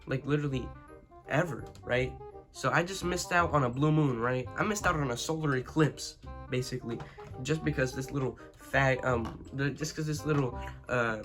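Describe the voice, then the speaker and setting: A young man telling a school story in a casual, rambling, profane way, full of "you know what I'm saying.". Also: mid-range voice. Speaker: vlogger.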